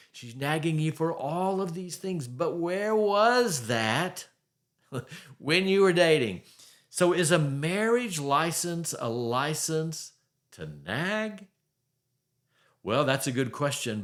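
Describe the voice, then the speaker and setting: A man's voice: medium pitch, fairly bright tone. A man hosting a faith-based marriage podcast, talking emphatically and conversationally with the odd wry chuckle. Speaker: podcast host.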